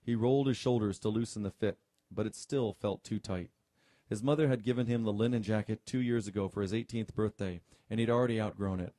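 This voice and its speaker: A middle-aged man, a radio host, reading a novel aloud, with relaxed joking asides between passages. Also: on the low side, fairly quick, no echo, studio quality.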